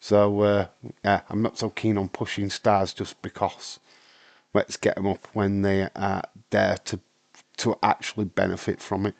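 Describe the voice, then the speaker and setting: Hoarse man chatting on a stream. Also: lowish voice, little pitch movement, unhurried, dry recording. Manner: rambling, answers viewer comments, many restarts. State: voice breaking, hoarse. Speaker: wrestling stream host. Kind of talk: casual live-stream chat.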